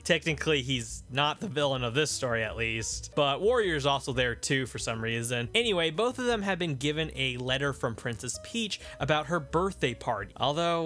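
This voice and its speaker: A man's voice: a little high, a bit bright. A man hosting a comic book review video, talking in a sarcastic, blunt, profane way. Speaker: video host.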